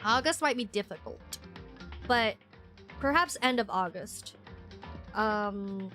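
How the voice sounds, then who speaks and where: A woman's voice: mid-range voice, expressive, takes it slowly, pauses often, bright, forceful tone, faint music behind. A woman streamer in casual live-stream chat, rambling and chatty with lots of fillers and frequent laughs.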